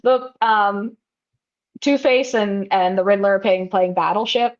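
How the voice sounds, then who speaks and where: A woman's voice: medium pitch, fairly even intonation, slow pace, lo-fi sound. A woman co-hosting a casual movie-review podcast, chatty and giggly, often trailing off. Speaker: podcast co-host.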